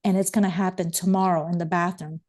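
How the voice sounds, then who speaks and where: Bragging twelve-year-old boy, done by a woman, eager and boastful, pitched low. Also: little pitch movement, fast, darkish tone, natural voice.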